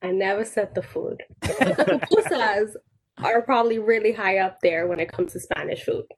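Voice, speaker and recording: A woman in a casual chat who explains things in a relaxed way, often saying "I feel like". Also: medium pitch, fairly quick, noisy background.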